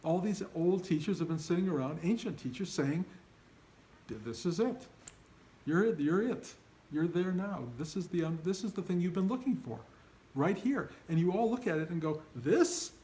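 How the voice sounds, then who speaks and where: A man's voice: high voice, moderate pace, mellow, poor audio. An older man giving an informal spiritual talk to his students, earnest and emphatic, often acting out their inner voices. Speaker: spiritual teacher.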